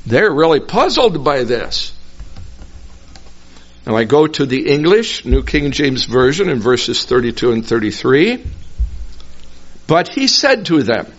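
A man slowly teaching a Bible passage verse by verse, patiently explaining each phrase and repeating himself. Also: medium pitch, big pitch swings. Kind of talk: slow verse-by-verse Bible lesson. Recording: dull lo-fi recording.

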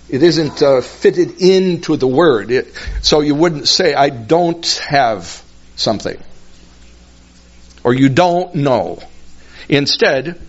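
A man slowly teaching a Bible passage verse by verse, patiently explaining each phrase and repeating himself. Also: a little high. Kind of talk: slow verse-by-verse Bible lesson. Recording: dull lo-fi recording.

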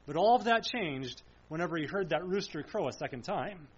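Solemn high-voiced male preacher, lo-fi. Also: expressive, fairly quick, breathy edge. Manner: solemn, emphatic, repeating phrases and asking rhetorical questions. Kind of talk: sermon.

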